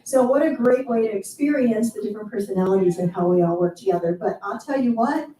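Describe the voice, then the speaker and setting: A woman's voice: mid-range voice, quick pace, a crowd in the background. A woman leading a group workshop debrief, upbeat and encouraging, laughing often with the participants. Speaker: workshop leader. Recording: echoey room from far off.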